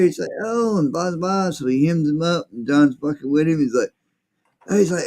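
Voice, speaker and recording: A man with a gravelly, dark voice tells a rambling story in casual chat. He swears freely and acts out the people in it. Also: on the high side, expressive, fairly quick. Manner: rambling, profane, acts out quotes.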